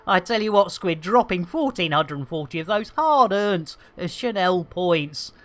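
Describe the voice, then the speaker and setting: A man's voice: high-pitched, lively intonation, a little slow, a bit bright. A man hosting a live gameplay stream, rambling through jokey banter and cheeky asides. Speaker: livestream host.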